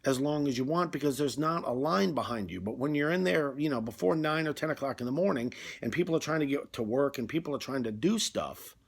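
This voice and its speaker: A man's voice: a little high, animated, brisk, vocal fry, few pauses, slightly rough. A man delivering a rambling, conversational comic monologue, full of fillers. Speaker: comedy video host.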